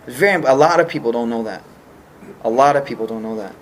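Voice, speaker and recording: A man's voice: medium pitch, fast talker. A man teaching an informal religious study class, explaining patiently and checking often that the group follows.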